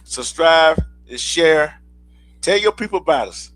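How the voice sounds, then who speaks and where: Male host, somewhat high-pitched, preachy, repeats himself for emphasis, casual livestream. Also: expressive, a little slow, fairly bright tone, dry recording, low-quality recording. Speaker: show host.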